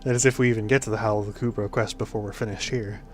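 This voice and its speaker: A man's voice: fairly low pitch, steady tone, racing, faint music behind. A man hosting a casual gameplay commentary, rambling with lots of fillers. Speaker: gaming video host.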